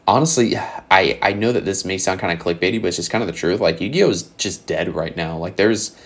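A young man hosting his own channel, giving blunt, sarcastic commentary on card prices in a casual way, a little hoarse as he says he is losing his voice. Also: low voice, brisk, fairly bright tone. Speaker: channel host.

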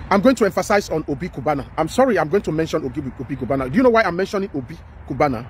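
High-voiced Nigerian man pleading emphatically. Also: animated, very fast, slight background noise. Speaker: social commentator. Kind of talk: impassioned street commentary.

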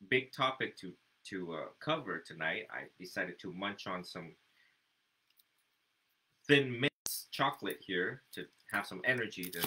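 A man leading a group meditation session, relaxed and self-mocking. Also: on the low side. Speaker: meditation teacher.

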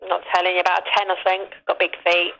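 Fast, sharp-voiced sarcastic woman. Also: on the low side, completely flat delivery, gravelly, low-quality recording. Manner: sarcastic, dismissive, blunt swearing. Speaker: phone sex line operator. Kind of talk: heated phone call.

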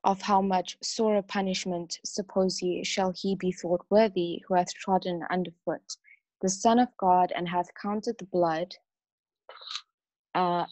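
A woman with an accent, taking part in a Bible study, reads scripture aloud softly and a little hesitantly. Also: fairly low pitch, dry recording, poor audio. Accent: non-local accent. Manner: soft and a little hesitant, with small "um"s.

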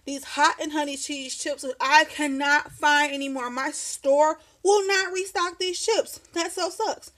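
A woman's voice: high-pitched, fairly even intonation, measured pace, few pauses, a bit bright. A woman in her thirties chatting casually through a craft show-and-tell at her home desk, rambling, laughing often and sounding slightly out of breath. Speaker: craft vlogger.

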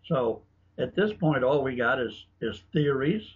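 A man's voice: mid-range voice, animated, a little slow, breathy edge. A man being interviewed, telling stories in a chatty, anecdotal way, with frequent restarts. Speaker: guest author and researcher. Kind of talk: casual interview talk, storytelling. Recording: dull lo-fi broadcast audio with faint noise.

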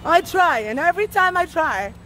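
A woman's voice: very high voice, lively intonation, normal speed, bright, forceful tone, a little hiss or hum. A woman ranting bluntly and combatively while walking outdoors on a city street, swearing a lot. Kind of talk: profane street rant.

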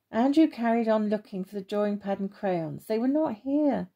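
A woman narrates a children's story in a gentle, expressive reading voice. Her tone is dark and mellow. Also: medium pitch, normal speed, vocal fry, hardly any pauses.

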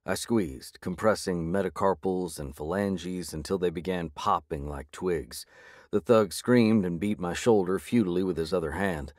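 A man reading a first-person audiobook in a measured, gritty way. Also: low-pitched, darkish tone, dry recording, clean studio sound. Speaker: audiobook narrator.

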